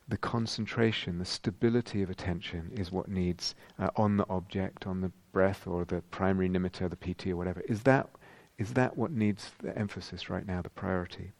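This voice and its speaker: A British meditation teacher speaks in a reflective, unhurried way, pausing and restarting as he searches for words. His voice sits low with a gravelly edge. The sound is dry and close. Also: no echo. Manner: gentle, reflective, many pauses and restarts. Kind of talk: dharma talk. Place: retreat meditation hall.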